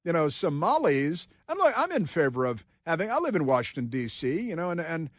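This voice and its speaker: A man's voice: a little high, very animated, a little fast, no echo, clean studio sound. A man hosting a political talk radio show, emphatic and rambling, laughing often. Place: radio studio. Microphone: studio microphone.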